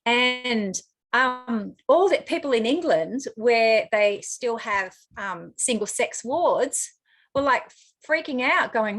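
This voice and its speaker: A woman's voice: fairly high pitch, lively intonation, slow pace, a bit bright. A woman with an Australian accent, telling a personal story as an interview guest in a frank, chatty way, full of fillers.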